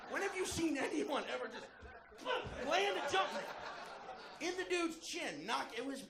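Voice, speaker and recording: A man doing stand-up, telling a crude, animated story and shouting the punchlines. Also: extremely high pitch, unhurried, gravelly, crowd noise. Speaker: stand-up comedian. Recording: echoey room, faint background noise.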